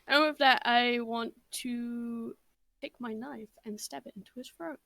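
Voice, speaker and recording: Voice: mid-range voice, steady tone, gravelly, sharp tone, slight background noise. A player in a tabletop role-play session, speaking playfully and drawing words out. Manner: slow, playful, drawn-out.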